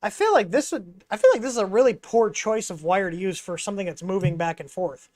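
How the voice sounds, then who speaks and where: With a high, expressive voice that's a little mellow, the man talks briskly as he hosts a laid-back hardware livestream. He rambles and uses lots of fillers while working on the gear, speaking into a wireless mic, and the recording is dry.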